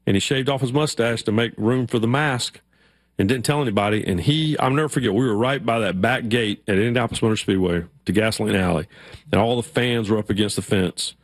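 A man's voice: lowish voice, a little fast, dry recording, studio quality. A man hosting a sports radio show, telling stories casually and acting out quoted voices. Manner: animated storyteller, acts out shouted quotes.

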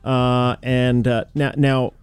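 A man's voice: mid-range voice, little pitch movement, takes it slowly, darkish tone, clean tone, no echo, faint music behind. A man hosting a radio show, chatting casually with co-hosts, laughing easily and often restarting his sentences. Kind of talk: casual studio chat.

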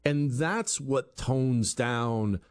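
A man's voice: medium pitch, very slow, smooth. A man giving an opinion monologue, asking rhetorical questions and acting out quoted voices, often repeating words as he restarts. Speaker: commentary show host.

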